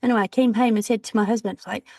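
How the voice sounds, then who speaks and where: A woman's voice: a little high, racing, no echo. A woman, a brand designer telling stories as an interview guest and acting out the voices in them. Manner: chatty, animated quoting of dialogue. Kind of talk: casual interview storytelling.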